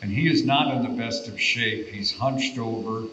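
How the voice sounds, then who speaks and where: An older man recalls a studio session with warm admiration. His voice sits at an ordinary pitch. The room gives it a noticeable echo, with faint hiss behind it. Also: normal speed, dull audio. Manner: reminiscing, admiring. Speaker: voice actor panelist. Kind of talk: anecdotal panel storytelling. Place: convention panel room. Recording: echoey room.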